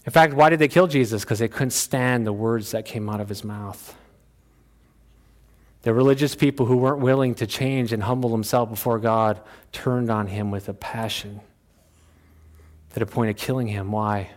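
A pastor preaching in a folksy, conversational way. He pushes his voice up high and loud to drive a point home, then drops to a low, quiet tone for asides. His voice sits at a middle pitch for a man. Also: moderate pace. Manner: folksy, plain-spoken preaching. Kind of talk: sermon.

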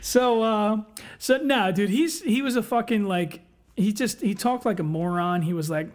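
A man with a notably high voice for his sex rattles off a rowdy work story on a podcast. He swears freely and talks with excitable, casual energy. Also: normal speed. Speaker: guest telling work stories.

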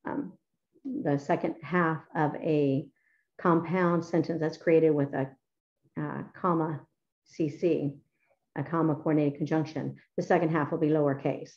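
A woman's voice: sits low, steady tone, measured pace, darkish tone, dull audio. A middle-aged woman teacher explaining how she edits student papers, chatty and enthusiastic with many fillers. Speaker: writing teacher. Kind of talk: explaining her paper-editing method.

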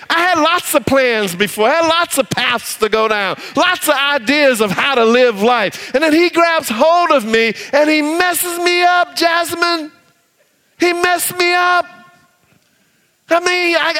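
High-voiced animated preaching pastor. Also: male voice, a little slow, big-room sound. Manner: animated preaching, acts out quotes in different voices; drops to a low soft voice when reading scripture. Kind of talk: sermon.

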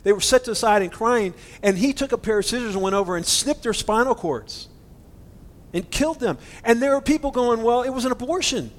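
High-voiced earnest male preacher. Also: fairly quick. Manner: earnest, indignant, talks to listeners directly. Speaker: pastor. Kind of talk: conversational sermon.

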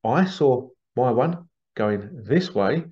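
A man's voice: mid-range voice, expressive, slow pace, a little mellow. A man from England telling a rambling, casual story in a monologue, full of restarts and asides. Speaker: spiritual channel host. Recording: dull lo-fi sound.

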